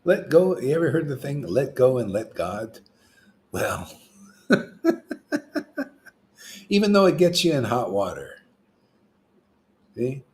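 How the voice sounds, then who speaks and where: A man preaching an informal devotional sermon, animated and chatty, slipping into slang and chuckling between points. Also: medium pitch, slow, pauses often. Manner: animated, acts out quoted voices; chuckles often, casual slang. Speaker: spiritual teacher.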